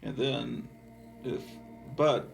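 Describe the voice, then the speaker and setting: A man's voice: mid-range voice, very slow, vocal fry, soft background music. A man hosting a casual, digressive show-and-tell of his comic collection, talking offhand with many fillers. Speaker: comic book collector and channel host.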